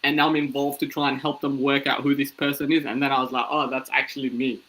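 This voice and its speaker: A man in his thirties tells stories from his life in a relaxed interview, slipping into quick impressions of other people as he goes. His voice is bright and forceful, with a middle pitch. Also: slight background noise, low-quality recording. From Ethiopian, born in Sudan, raised in Australia. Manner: animated, acts out voices in his anecdotes. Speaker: comedian guest. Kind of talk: casual storytelling interview.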